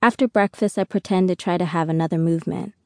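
A woman narrating a first-person audiobook in an unhurried, reflective way. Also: fairly low pitch, fairly even intonation, gravelly, darkish tone, no room sound, studio quality.

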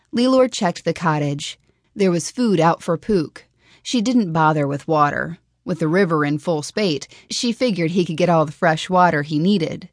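Woman audiobook narrator, low voice, steady measured read, dry booth sound. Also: dry recording.

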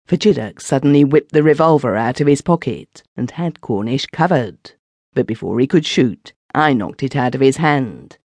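Gravelly male audiobook narrator. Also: medium pitch, darkish tone, no echo. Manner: dramatic storytelling. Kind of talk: scripted first-person narration of a story.

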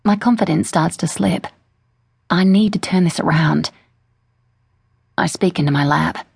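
A woman reading a first-person thriller audiobook in a measured, cool manner. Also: lowish voice, creaky, darkish tone, husky, no echo. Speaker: audiobook narrator. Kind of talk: scripted first-person narration.

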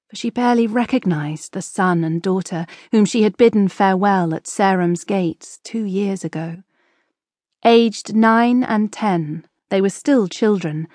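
A woman narrating a historical novel audiobook in a measured, expressive storytelling manner. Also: mid-range voice, dry recording, clean studio sound.

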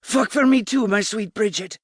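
A woman's voice: medium pitch, normal speed, no echo, studio quality, lightly acted. A woman narrator voicing an ardent adult man who speaks in an urgent, coaxing way.

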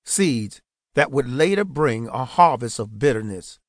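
A man narrating an audiobook in a steady, earnest way. His voice sits at an ordinary middle pitch. It is recorded close and dry, with no room sound at all. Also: a little slow, no room sound.

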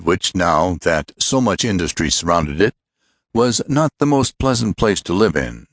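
A male audiobook narrator with a very deep voice, reading in a measured storytelling way. The sound is dry and close, with no room around it. He tells the story steadily for young listeners. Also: a bit bright, no echo. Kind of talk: scripted narration.

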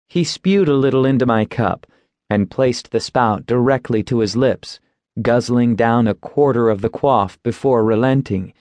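A man narrating a fantasy audiobook in a wry, unhurried storytelling manner. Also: medium pitch, a little mellow, dry recording.

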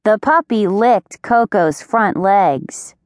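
A woman reading a children's storybook aloud, very slow and clear, her pitch rising and falling with lively expression. She is close to a studio mic and the sound is dry, with no room around her. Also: no echo. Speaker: audiobook narrator.

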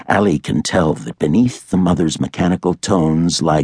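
A man narrating a thriller audiobook in a measured, dramatic way. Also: a bass voice, darkish tone, breathy edge, no echo, studio quality.

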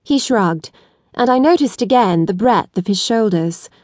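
A woman audiobook narrator reading a period novel in first person, with a measured, deliberate delivery. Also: medium pitch, animated, a little mellow, no echo. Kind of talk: scripted narration.

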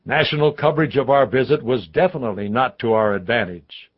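A man's voice: mid-range voice, muffled recording. Man narrating a memoir audiobook. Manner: measured first-person storytelling.

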